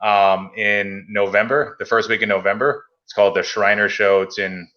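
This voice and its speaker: A man's voice: lowish voice, flat delivery, moderate pace, muffled recording. A man from Massachusetts hosting a casual hobby chat, telling stories and acting out quoted phone calls. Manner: chatty storyteller, acts out quoted phone calls. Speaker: podcast host.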